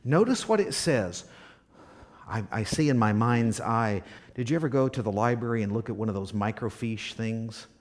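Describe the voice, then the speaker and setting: Male pastor, sermon delivery, very lively pitch, rhetorical questions, dramatic volume drops. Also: moderate pace. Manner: dramatic swings from loud emphasis to hushed near-whispers, rhetorical questions.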